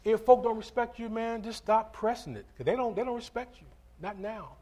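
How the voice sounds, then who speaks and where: Here a man's high-pitched, warm voice carries lively intonation and moves a bit fast. He's a pastor delivering a sermon, calling out for amens in call-and-response style and telling relaxed stories and asides between points.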